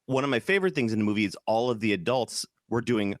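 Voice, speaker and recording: He's a podcast co-host from Chicago, talking fast in a lowish voice during a casual chat. Enthusiastic and rambling, he often trails off and begins again, captured in a dry, studio-quality recording.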